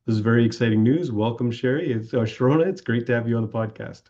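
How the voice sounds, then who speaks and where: Man, podcast host, mellow tone, muffled lo-fi recording. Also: mid-range voice. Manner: measured, with occasional "uh". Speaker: podcast host, business school dean. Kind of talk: podcast interview.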